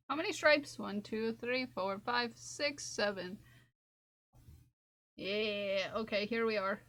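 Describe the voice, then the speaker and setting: A woman's voice: fairly high pitch, expressive, extremely slow, pauses often, sharp tone. A woman streamer chatting casually while crocheting, repeating her own phrases to herself as she works.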